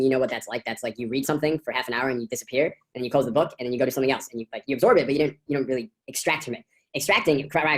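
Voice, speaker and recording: A woman co-hosting a course, teaching in an enthusiastic, rambling way over a video call, with many fillers and restarts. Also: very deep voice. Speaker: course co-host. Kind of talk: casual teaching talk.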